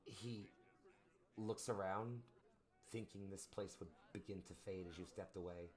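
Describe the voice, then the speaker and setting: Game master, deep voice, animated scene-setting narrator for a tabletop game. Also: male voice, a little slow. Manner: descriptive, animated narration with fillers.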